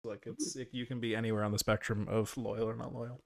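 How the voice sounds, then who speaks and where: A man narrating as game master of a tabletop role-playing game, relaxed, with many fillers and frequent laughs. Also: on the low side, brisk, gravelly, no room sound, studio quality.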